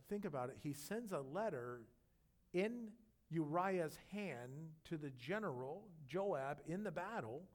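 Animated male preacher, fairly high voice. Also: measured pace. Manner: animated storytelling, swings between loud emphasis and quiet intensity. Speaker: pastor. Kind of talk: sermon.

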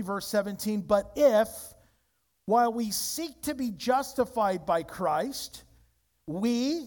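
A man preaching a sermon as pastor, emphatic, with wide swings between loud high peaks and low quiet stretches.

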